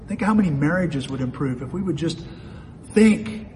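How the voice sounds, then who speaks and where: A man's voice: fairly high pitch, animated, normal speed, a little mellow. Folksy preacher man in a reverberant hall. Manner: folksy, asks himself questions aloud. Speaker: pastor. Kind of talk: sermon. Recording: long reverb of a hall, faint ambient noise.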